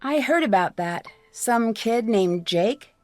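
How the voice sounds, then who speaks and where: Curious girl detective, dry close studio sound, slightly high. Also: slow pace, dry recording, faint music behind. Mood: inquisitive. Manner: inquisitive, even questioning. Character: curious young woman detective. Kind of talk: video game voice acting.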